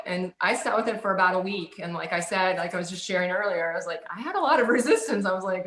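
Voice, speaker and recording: A woman's voice: on the low side, brisk, a bit bright. Rambling woman on a roomy video call. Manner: rambling, many "like"s, laughs often. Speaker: guest. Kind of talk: casual spiritual storytelling. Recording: roomy echo.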